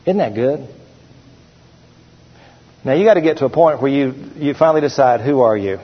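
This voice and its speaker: A middle-aged man preaching a sermon as pastor, slowing down and stressing the scripture verses he reads aloud. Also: fairly high pitch, breathy edge. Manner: preaching with slowed, emphatic scripture reading. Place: church sanctuary. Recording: dull, hall-echoed church recording.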